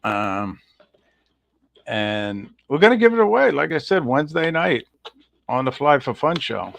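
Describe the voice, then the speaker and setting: A man's voice: mid-range voice, very animated, measured pace, vocal fry, fairly bright tone. Rambling male livestream host. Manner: rambling, greets chat viewers by name. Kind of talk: casual livestream chat.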